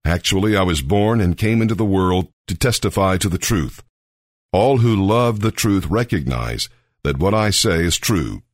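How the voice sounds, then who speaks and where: A man voicing a calm, steady male teacher on trial, speaking in a measured way in a Bible reading. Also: low voice, no room sound, clean studio sound.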